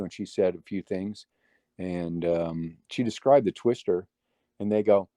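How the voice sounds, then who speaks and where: A middle-aged man speaks as a guest on a casual interview, and his stories ramble along with restarts and quoted dialogue. His voice is mellow and relaxed. The recording is close and dry. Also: low-pitched, moderate pace, no echo. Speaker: guest magician.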